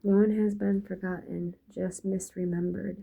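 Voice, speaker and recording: A woman's voice: mid-range voice, level tone, normal speed, creaky, dark tone, rough recording. A woman talking in a loose, free-associating spiritual monologue, drifting from thought to thought.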